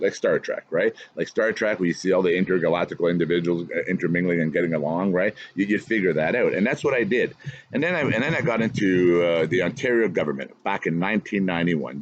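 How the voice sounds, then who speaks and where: A middle-aged man talking in a rambling podcast monologue, often repeating and restarting his words. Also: deep voice. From Canada. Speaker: podcast host. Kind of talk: casual monologue. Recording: dull lo-fi sound.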